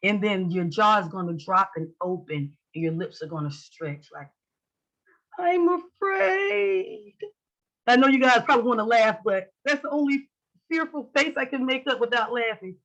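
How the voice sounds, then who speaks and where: A woman's voice: mid-range voice, brisk, a bit bright, rough recording. A woman leading an online class in a lecture style. She is playful and acts out facial expressions with joking lines. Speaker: instructor.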